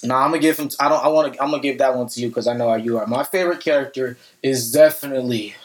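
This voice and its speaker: A man's voice: mid-range voice, rapid-fire. A young man co-hosting a casual chat with a friend, laid-back and slangy.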